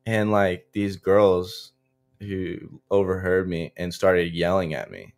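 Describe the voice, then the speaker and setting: A man's voice: low-pitched, slow, darkish tone. A young man, a college football player from Florida, telling stories in a loose interview chat full of likes and restarts. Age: young adult. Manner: loose, filler-heavy, frequent likes and restarts. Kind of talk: casual interview storytelling.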